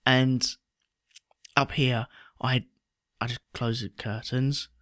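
A man chatting with a relaxed, wry manner. His voice sits at a middle pitch. The recording is dry and close. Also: slow, no room sound. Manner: relaxed, wry, trailing off with restarts. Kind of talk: casual chat.

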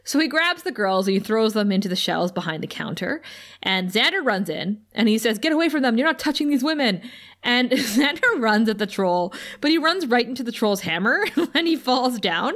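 A woman's voice: on the high side, very animated, moderate pace, fairly bright tone. Laughing, exasperated woman co-host. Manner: laughs often, exasperated, swears casually. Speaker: podcast co-host. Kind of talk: casual episode recap chat.

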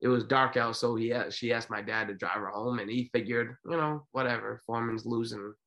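Guy on a podcast rambling through funny stories, pretty animated, mid voice. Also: mid-range voice, a little fast. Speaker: podcast co-host. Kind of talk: casual chat.

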